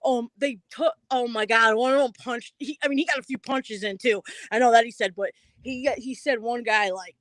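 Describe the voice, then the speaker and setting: A woman guest chats loosely, laughing often and filling her sentences with likes and ums. Her voice sits slightly high and the sound is dry, with no room around it. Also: normal speed, few pauses, fairly bright tone, no echo. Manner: chatty, laughs often, lots of fillers. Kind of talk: casual conversation.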